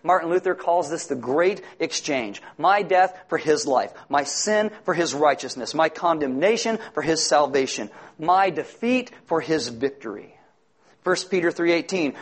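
A man's voice: a little high, moderate pace. A man preaching a sermon, earnest and emphatic, quoting scripture as a pastor.

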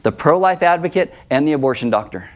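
Male pastor, fairly high voice, earnest sermon delivery, acts out the quoted voices. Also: animated, quick pace.

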